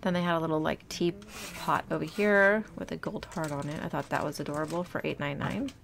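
Walking through an indoor store, a young woman narrates a casual shop-with-me vlog into a handheld phone. Her voice is low, gravelly and a bit bright, and she talks fairly quickly. Chatty and full of ums, she gushes over the cute items she finds.

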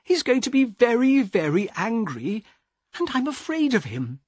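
A frightened young woman begs in a high, strained voice as a male narrator acts her out. She speaks slowly, with a husky edge. The sound is close and dry, like a storybook reading. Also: huge pitch swings, no room sound, exaggerated voice. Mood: distressed. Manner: high pleading put-on voice.

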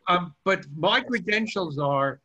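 Older Brooklyn man, bright and slightly high voice, rambling storyteller, softened New York accent. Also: lively intonation, unhurried, muffled recording. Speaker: contest finalist. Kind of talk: video call chat.

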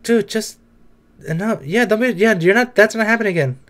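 Male anime reactor with a fairly high voice, excitable and swearing, casual and unscripted. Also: fairly quick. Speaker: anime reaction video creator.

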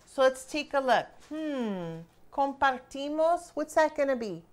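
A woman teaching a grammar lesson, quizzing her students with questions and pauses and praising right answers. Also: high-pitched, expressive. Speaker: Spanish teacher.

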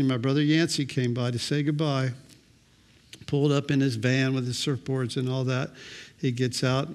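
A middle-aged male pastor preaching a sermon, telling personal stories with dry, self-mocking humor. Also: medium pitch.

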